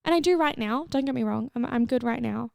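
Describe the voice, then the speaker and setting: Tearful young woman, gravelly podcast pep talk. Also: fairly high pitch, a little fast, a little mellow, no room sound, studio quality. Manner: frank and swearing, affectionate pep talk. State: tearful, emotional. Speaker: podcast host. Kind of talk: solo motivational podcast talk.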